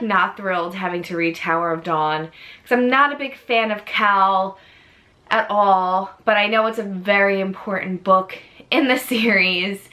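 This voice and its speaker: A woman in her thirties with a New York accent chats in a casual book vlog. Her voice is bright and a little edgy, at a middle pitch for a woman. She rambles, gushes and laughs often as she talks. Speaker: book vlogger. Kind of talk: casual chat.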